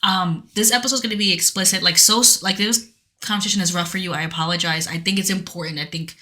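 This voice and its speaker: A woman with a bright, crisp voice talks through a game's plot as a podcast co-host. She rambles earnestly, stopping and restarting her sentences often. It is relaxed, casual chat. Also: fairly low pitch, fast talker. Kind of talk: casual chat recapping a video game story.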